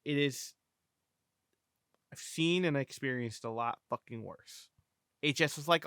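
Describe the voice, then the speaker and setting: A man's voice: medium pitch, unhurried, long pauses, a bit bright, clear, resonant tone, dry recording, studio quality. A man hosting a podcast, reviewing a war film in easygoing, hedging talk full of "you know". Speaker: podcast host. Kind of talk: casual film review chat.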